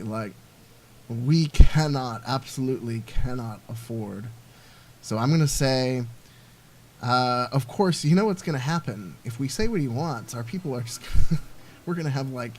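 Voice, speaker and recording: Male let's-play host, mid-pitched, loose rambling commentary, faint background hum. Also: darkish tone. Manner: rambling, thinking aloud with many fillers. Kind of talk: casual gameplay commentary.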